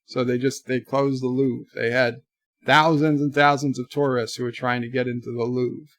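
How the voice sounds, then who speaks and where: Brief: male streamer, casual rambling chat, middle pitch, dry close mic. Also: flat delivery, moderate pace, a bit bright, dry recording. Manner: rambling, reading chat aloud. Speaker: livestream host.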